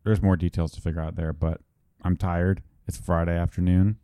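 A man hosting a casual podcast, relaxed and chatty, laughing easily. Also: deep voice, normal speed, no echo, studio quality. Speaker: podcast host.

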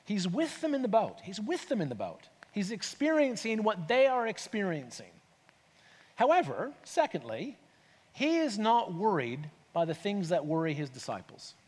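A man's voice: high voice, huge pitch swings, moderate pace, a little mellow, big-room sound. A man preaching a sermon as pastor, talking conversationally and asking his listeners rhetorical questions. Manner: conversational, asks rhetorical questions, acts out voices.

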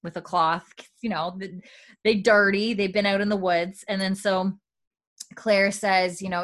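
A woman co-hosting a casual podcast chat, retelling a TV episode and loosely acting out the characters' lines. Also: a little slow. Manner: retells scenes by loosely voicing characters in a softer, lower tone; laughs often, relaxed. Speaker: podcast co-host recapping a TV episode.

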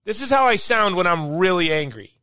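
A man's voice: high-pitched, lively intonation, a little fast, sharp tone, dry recording, studio quality. A male podcast host giving an opinionated monologue, emphatic and worked-up yet still upbeat.

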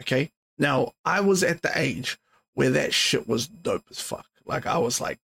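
Late at night, a weary, yawning podcast host talks alone with an unhurried, mid-range voice that carries vocal fry, a fairly bright tone and a breathy edge. His casual solo chat wanders, packed with filler words and curses.

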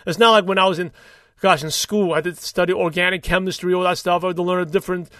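A man hosting a solo podcast, talking in an upbeat, rambling way with quick asides and restarts. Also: high-pitched, steady tone, fairly bright tone, dry recording, studio quality. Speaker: podcast host. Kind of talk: solo motivational podcast talk.

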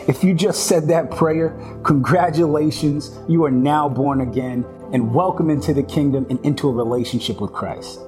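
A man's voice: fairly high pitch, normal speed, few pauses. Man leading a prayer over music. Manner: earnest, leading a prayer line by line. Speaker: church elder. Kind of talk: altar call and guided prayer.

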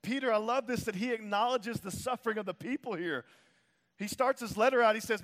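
High-voiced pastor in a reverberant hall. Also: male voice, brisk, fairly bright tone. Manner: casual, slangy, repeats phrases for emphasis. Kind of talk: sermon.

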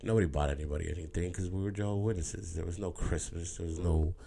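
Speaking fast in a low-pitched, mellow voice with vocal fry and a steady tone, a man talks candidly to his viewers. His monologue rambles emotionally, with repeated words and casual swearing, over slight background noise.

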